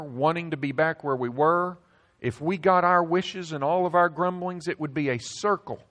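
A man preaching a sermon as a pastor, emphatic, slowing down and dropping his voice low on key words. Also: a bit bright.

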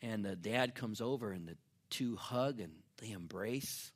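Storytelling male pastor, loud then hushed. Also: fairly low pitch, measured pace. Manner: storytelling, swinging from loud to near-whispered. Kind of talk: sermon. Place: church.

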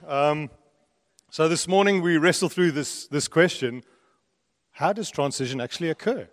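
A middle-aged man with a South African accent softened by his years in Australia, preaching a sermon in a conversational way with joking asides, building intensity when he reads scripture. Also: mid-range voice. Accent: South African, softened by long years in Australia. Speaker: pastor. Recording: long reverb of a church hall.

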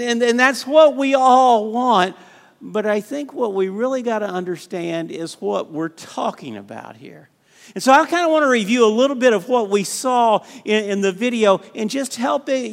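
A man's voice: high voice, gravelly, a bit bright. A middle-aged man preaching a sermon as a pastor, often repeating words and calling on the congregation to respond. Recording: reverberant church hall.

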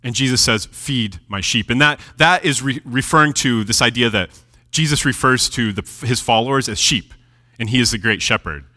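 A man preaching a sermon, reading scripture aloud and explaining it with animated delivery, dropping his voice low at key moments. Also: moderate pace. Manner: lively, animated preaching with dramatic drops in volume. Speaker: pastor. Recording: long hall reverb.

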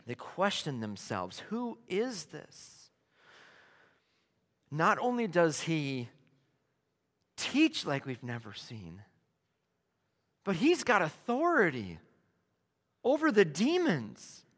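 A man preaching a sermon, emphatic and animated, dropping to hushed tones and then rising to loud declarations. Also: on the high side, slow, pauses often. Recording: long hall reverb.

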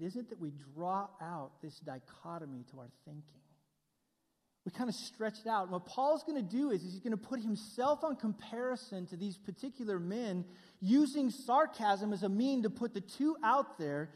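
Middle-aged pastor guy preaching, high voice, chatty asides to the crowd, long church-hall reverb. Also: expressive, normal speed. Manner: conversational preaching with asides to the congregation. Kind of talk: sermon.

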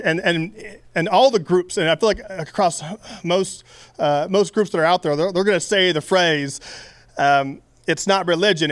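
Higher-voiced man preaching casually. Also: dry recording. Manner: conversational, lots of fillers and restarts. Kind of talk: casual sermon.

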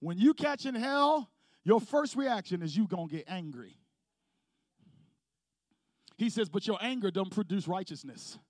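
In a church sanctuary, a male pastor preaches to his congregation, calling for responses as his intensity builds. His voice sits high and is expressive with a darkish tone, delivered at a measured pace with long pauses. The studio-clean recording has no echo.

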